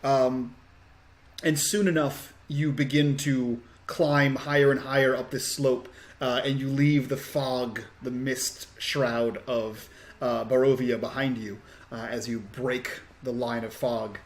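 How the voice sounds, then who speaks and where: A man of mid pitch narrates a tabletop game as its game master. He describes the scene in an unhurried way, filling the pauses with ums and uhs. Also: steady tone. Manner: unhurried, with many fillers.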